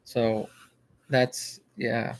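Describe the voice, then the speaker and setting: A man's voice: mid-range voice, level tone, extremely slow. Rambling man retelling a viral clip. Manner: rambling with frequent restarts and filler. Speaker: vlogger. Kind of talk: casual spoken commentary.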